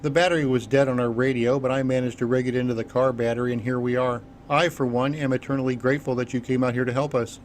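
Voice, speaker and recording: A man's voice: mid-range voice, fairly even intonation, fast talker, few pauses, slight background noise, lightly acted. A man voicing an earnest, talkative engineer who explains things at length. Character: grateful middle-aged male engineer, talkative.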